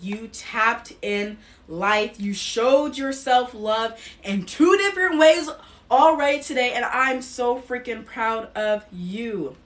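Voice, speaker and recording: Bright slow-talking woman coach. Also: a little high, distant mic. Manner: slow, emphatic affirmations with upbeat encouragement. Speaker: wellness coach and show host. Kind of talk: live-streamed affirmation and tapping session.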